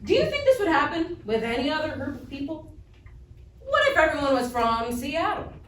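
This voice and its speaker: A woman reading first-person stories aloud in a readers theater performance, animated and playful, heard from a distant mic on a roomy stage. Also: sits high, normal speed, slight background noise.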